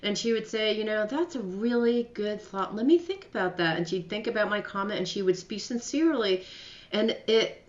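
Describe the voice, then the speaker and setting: A woman's voice: mid-range voice, animated, moderate pace. A woman hosting a radio show, interviewing a guest in an effusive, emotional way and laughing while she talks. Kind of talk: interview, casual chat. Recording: roomy, slightly dull sound.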